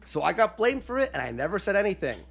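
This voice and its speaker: A man's voice: high voice, sing-song, fast, gravelly, soft background music. A man telling a heated story with lots of swearing, acting out quotes in a raised voice. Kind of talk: animated storytelling with profanity.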